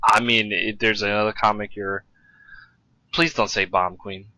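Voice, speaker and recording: A man's voice: lowish voice, steady tone, measured pace, sharp tone, no echo, rough recording. A young man co-hosting a podcast, chatting casually about comics with many restarts and fillers. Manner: rambling, restarts a lot, chatty. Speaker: podcast co-host. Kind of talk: casual chat.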